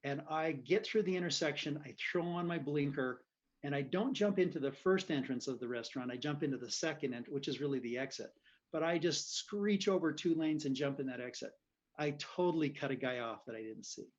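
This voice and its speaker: Animated storytelling man, dull lo-fi sound. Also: a little high, fairly quick. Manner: animated storyteller who laughs often. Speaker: physician guest. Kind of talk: casual storytelling.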